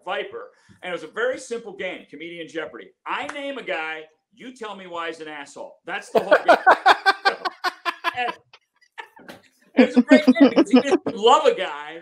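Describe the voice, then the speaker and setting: Radio host guy talking fast on a video call, jokey, laughs a lot, kinda high voice. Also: very animated. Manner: quick, joking, laughing. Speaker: radio morning show host. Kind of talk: casual chat on a video call.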